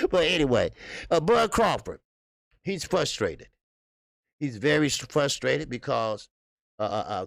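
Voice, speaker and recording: American man, boxing stream host, gravelly and fairly high voice, chatty and unscripted, dry close sound. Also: no echo. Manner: animated, talks straight to chat, many fillers and restarts. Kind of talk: live-stream commentary with chat.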